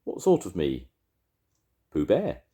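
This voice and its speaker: An older man voicing a gentle, simple-minded, greedy male bear in a storybook, innocent and earnest. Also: low-pitched, huge pitch swings, slow pace, full character voice.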